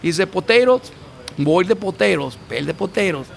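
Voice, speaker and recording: Chef from Mexico, gravelly voice, halting English, interviewed outdoors on a rooftop. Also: male voice, high voice, animated, slight background noise. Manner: halting, broken English with restarts. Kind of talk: casual interview. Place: restaurant rooftop bar, outdoors.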